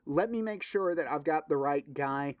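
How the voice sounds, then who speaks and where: Solo podcaster, male, fairly high voice, dry close sound, loose and profane, eager recommender. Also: animated, moderate pace, no room sound. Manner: loose, profane, filler-heavy rambling with restarts; enthusiastic recommending. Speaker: podcast host. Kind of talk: casual solo podcast chat.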